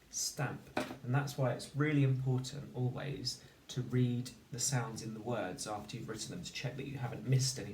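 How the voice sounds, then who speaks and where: A man teaching a phonics lesson, slowly and carefully sounding out each word for young learners. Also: medium pitch, darkish tone, a little hiss or hum. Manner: slow, deliberate, sounding out words. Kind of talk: recorded spelling lesson. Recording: echoey room, mic at a distance.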